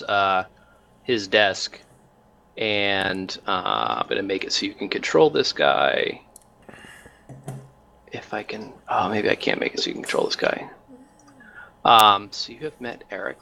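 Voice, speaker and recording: A man's voice: on the low side, creaky, bright, forceful tone. A man narrating a tabletop role-playing game as game master, rambling with many fillers.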